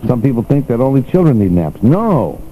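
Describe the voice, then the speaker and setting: A man's voice: medium pitch, very animated, a little fast, warm tone, a little hiss or hum, low-quality recording. An older man hosting a radio show in a casual, chatty way, laughing often and reading items aloud to the listeners. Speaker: radio host.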